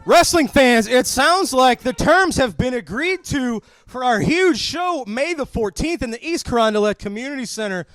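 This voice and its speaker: A man's voice: very high voice, animated, moderate pace, hardly any pauses, a bit bright, no echo. A man announcing and interviewing wrestlers on a wrestling show, in a hyped announcer manner.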